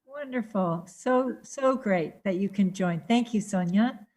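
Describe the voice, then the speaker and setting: A woman's voice: medium pitch, measured pace, a little mellow. A woman moderating a casual group video call, greeting and calling on each participant by name in a friendly way. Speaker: discussion moderator.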